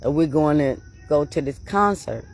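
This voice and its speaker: A woman hosting her own channel, telling stories to her viewers in a casual, animated way, laughing often and calling them y'all. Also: deep voice, normal speed, faint music behind. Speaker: channel host.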